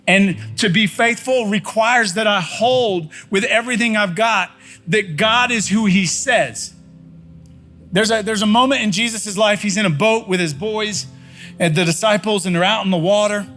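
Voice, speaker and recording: High-voiced pastor preaching. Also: male voice, normal speed, a bit bright, soft background music. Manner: conversational preacher, repeats phrases for emphasis, folksy. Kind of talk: sermon. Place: church sanctuary.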